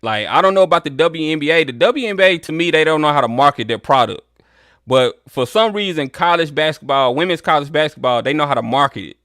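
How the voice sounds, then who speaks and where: Host stream sportowego, mężczyzna z akcentem z południa USA, luźny, gładki głos, suche nagranie. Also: male voice, on the high side, quick pace, no echo, studio quality. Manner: relaxed, talks to viewers as y'all. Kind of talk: casual sports chat.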